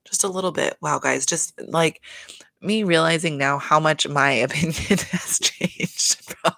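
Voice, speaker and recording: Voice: medium pitch, slow, vocal fry, sharp tone, no room sound. A podcast host giving a chatty, opinionated recap of a reality show, swearing freely and filling with "like". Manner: chatty, opinionated, swears a lot, many "like" fillers. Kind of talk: casual reality-TV recap monologue.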